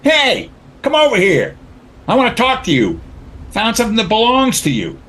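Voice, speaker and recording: Man doing taunting bully, higher than his own voice, sneering, comic audio play. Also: wildly swooping pitch, normal speed, a bit bright, heavily acted. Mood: menacing.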